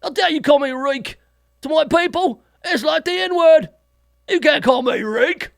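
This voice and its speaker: A man doing a mock-offended man, pitched up. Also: a little slow, gravelly, a bit bright, dry recording, studio quality, heavily acted. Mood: mock outrage. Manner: mock-indignant. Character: offended man taking a nickname as a slur.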